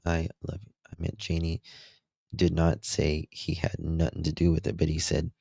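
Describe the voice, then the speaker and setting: A man's voice: deep voice, completely flat delivery, normal speed, creaky, dark tone, slightly rough, dry recording, studio quality. A man hosting a true crime livestream, chatting with viewers in a casual, emphatic way. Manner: emphatic, chatty, talks to the chat.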